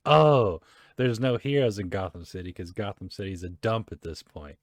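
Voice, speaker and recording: Young man, casual comic recap, lowish voice, dry close sound, laughs a lot. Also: animated, normal speed, no echo. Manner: laughs often, acts out characters' lines loosely. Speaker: comic reader and podcast host. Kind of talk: casual chat, reading comics aloud.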